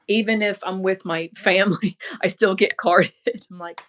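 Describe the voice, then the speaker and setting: A woman in her thirties chatting casually, unhurried and trailing off mid-thought. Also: mid-range voice, steady tone, fairly bright tone. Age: 30s. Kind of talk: casual chat.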